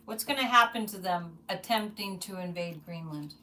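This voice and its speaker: A woman hosting a psychic livestream, chatting casually and rambling, with frequent restarts and animated asides. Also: lowish voice, moderate pace, recorded from a distance, a little hiss or hum. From United States.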